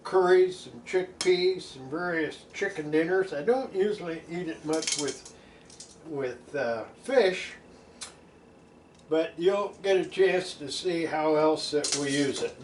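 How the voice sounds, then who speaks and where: A man's voice: a little high, a little slow, background noise. A man hosting a home cooking show, talking in a folksy, chatty way while he tastes the food. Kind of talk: casual cooking demonstration.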